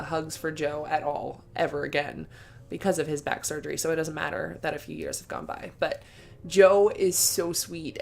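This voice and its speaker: A woman's voice: low voice, vocal fry. A young woman telling a story in a casual vlog. She gushes with emotion, says "like" and "um" often, and laughs between sentences. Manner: gushing and emotional, with filler words and laughs. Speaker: vlogger.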